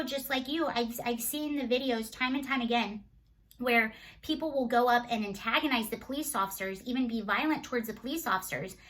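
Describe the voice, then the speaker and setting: A woman's voice: on the high side, a bit bright, poor audio. Indignant woman firing off rhetorical questions. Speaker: political commentator. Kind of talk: opinion vlog monologue.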